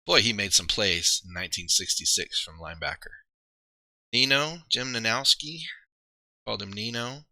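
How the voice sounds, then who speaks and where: A man's voice: fairly low pitch, normal speed, pushed and bright, dry recording. A man chatting casually on a livestream, rambling and thinking aloud with many fillers and restarts. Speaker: streamer and league player.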